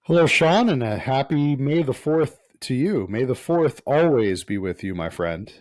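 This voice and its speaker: A man's voice: medium pitch, lively intonation, darkish tone, dry recording. A man co-hosting a casual podcast, rambling and restarting his sentences as he explains. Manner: rambling, halting, restarts often. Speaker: podcast co-host.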